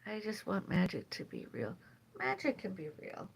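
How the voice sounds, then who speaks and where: A woman chatting on a live stream from home in a meandering way, sighing often and drifting between loud and soft. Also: medium pitch, big pitch swings, brisk, gravelly, slight background noise, low-quality recording. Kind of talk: rambling live stream chat. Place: at home, indoors.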